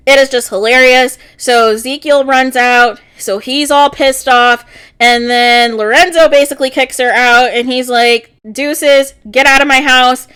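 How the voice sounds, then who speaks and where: A woman with a notably high voice recaps a TV episode for her vlog. She talks in a chatty, casual way and sounds exasperated as she runs through the drama. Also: sharp tone, clean tone. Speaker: TV reaction vlogger.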